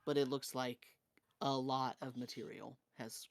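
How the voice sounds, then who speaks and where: A man's voice: mid-range voice, fairly even intonation, a little slow, no echo. A man runs a tabletop game, describing the scene in loose, meandering sentences. The recording is dry and close. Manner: loose, rambling description with fillers. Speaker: game master.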